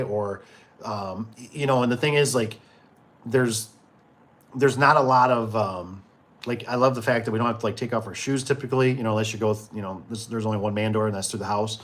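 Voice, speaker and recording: A man's voice: on the low side, brisk. A man who runs a garage door business, telling work stories in a casual, rambling way with many fillers and restarts. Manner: rambling, full of fillers and restarts, acts out quotes. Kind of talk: casual storytelling chat.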